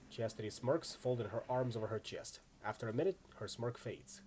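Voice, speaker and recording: A man reading a game's narration and dialogue aloud, with a soft, low narration and a playful edge. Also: fairly quick, hardly any pauses, slight background noise. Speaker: game reader.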